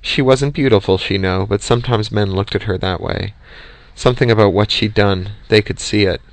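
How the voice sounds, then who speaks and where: A man reading an audiobook in a steady, measured way, close to the mic. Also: on the low side, dry recording. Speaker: audiobook reader. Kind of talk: audiobook narration.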